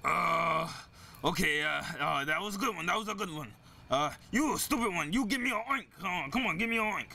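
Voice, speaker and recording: A man voicing a bossy male bird gang leader in a puppet comedy skit, barking orders in a gravelly voice. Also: sits high, animated, brisk, bright, forceful tone, exaggerated voice. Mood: impatient.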